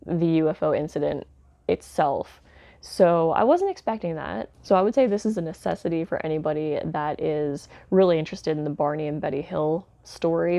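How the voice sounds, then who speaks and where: A woman's voice: sits low, a little mellow, no room sound, lo-fi sound. A woman giving a casual spoken film review, chatty and candid, with lots of fillers like "um" and "like". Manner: candid, mildly sardonic asides. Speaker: home video reviewer.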